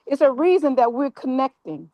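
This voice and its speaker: A woman's voice: high-pitched, big pitch swings, normal speed, warm tone, no echo, poor audio. A woman in a casual group discussion, speaking politely and a little hesitantly as she works through her thought.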